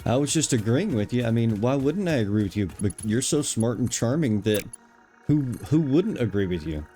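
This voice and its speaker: Male streamer, warm mellow voice, mid pitch, calm teasing delivery in a casual role-play chat. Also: moderate pace, soft background music.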